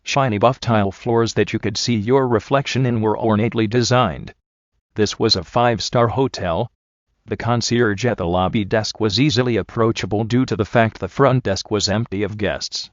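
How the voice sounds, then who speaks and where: A man narrating an audiobook in a steady, even way. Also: fairly low pitch, moderate pace, no echo, lo-fi sound. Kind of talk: scripted narration.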